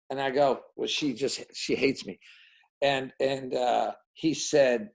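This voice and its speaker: A film director being interviewed, telling behind-the-scenes stories and acting out the dialogue of the people in them. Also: male voice, medium pitch, measured pace, gravelly, low-quality recording. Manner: animated, acts out dialogue in quoted voices. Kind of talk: anecdotal storytelling in an interview.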